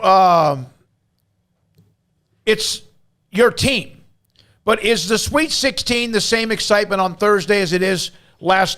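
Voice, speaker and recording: A man's voice: sits high, animated, slow, long pauses, pushed and bright. A man hosting a sports radio show, chatty and joking, with the hiccups. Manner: chatty, self-deprecating about hiccups. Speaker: radio host. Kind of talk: casual sports radio chat.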